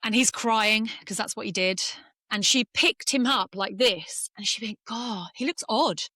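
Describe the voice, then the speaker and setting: A woman's voice: mid-range voice, moderate pace, sharp tone, no room sound. A woman from England, a former golfer, candidly telling an emotional personal story in an interview, close to tears at times.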